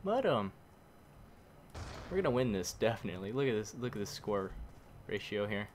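A man commentating his own game casually, muttering and then shouting in frustration, using mild minced swears. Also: lowish voice, big pitch swings, normal speed, noisy background. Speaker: gameplay commentator.

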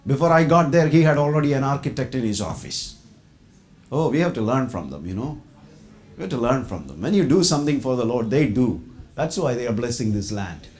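A middle-aged man from India giving a sermon testimony, telling his story with loud quoted lines and low asides. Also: animated, fairly quick.

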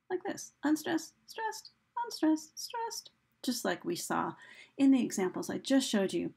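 Woman teacher going slow over a lesson, gravelly and a bit husky, counts things out. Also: mid-range voice, a little mellow. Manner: slow, deliberate, counting beats aloud with fillers. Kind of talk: recorded classroom lecture.

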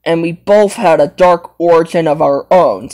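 Woman putting on a low, creepy puppet boy. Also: normal speed, mellow, close to an everyday voice. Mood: brooding.

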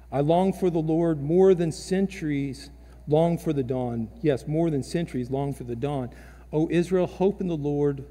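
A man delivers a sermon at a deliberate, unhurried pace, his voice dark and mellow yet pitched a bit high. He preaches dramatically, swelling louder and dropping soft. The sound rings with the long reverb of a church sanctuary. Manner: slow, dramatic preaching with big swings in loudness. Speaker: pastor.

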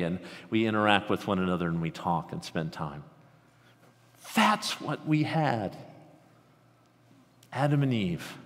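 A man with a Midwestern American accent preaching a conversational sermon, swinging between animated excitement and hushed intensity. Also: mid-range voice. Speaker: pastor. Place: large church sanctuary. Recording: reverberant sanctuary sound.

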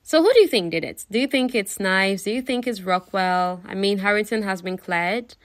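A woman's voice: medium pitch, moderate pace, dry recording, studio quality. Chatty woman retelling a novel. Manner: chatty, filler-heavy, addresses listeners. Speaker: book retelling narrator. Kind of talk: casual story retelling.

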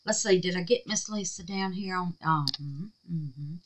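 A woman's voice: on the low side, moderate pace, rough recording. A woman hosting a crafting vlog at home, chatting in a folksy, affectionate way and often dropping to a near whisper. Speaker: crafting channel host. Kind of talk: casual crafting vlog chat.

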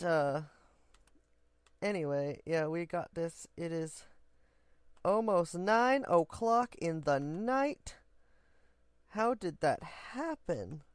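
A man's voice: a little high, clean tone, no room sound. A man hosting his own building game video, talking casually and goofily to viewers with rambling asides. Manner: chatty and goofy, rambling asides. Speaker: game building vlogger, host. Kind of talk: casual gameplay commentary.

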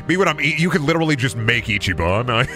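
A man streaming a video game, talking crudely and excitably and laughing often. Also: mid-range voice. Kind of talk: casual gameplay commentary. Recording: music playing behind the voice.

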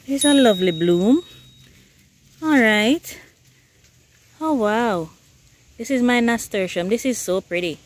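A woman's voice: a little high, animated, slow, pauses often. A woman from Jamaica with a Jamaican accent, chatting casually and laughing often as she walks through her outdoor container garden. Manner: chatty, laughs often while showing plants. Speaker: gardening vlogger. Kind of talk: casual garden walkthrough vlog.

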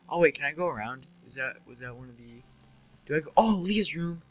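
A man's voice: on the high side, expressive, brisk, poor audio. A young man giving casual, joking commentary while playing a video game, sarcastically mocking the characters. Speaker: let's play commentator.

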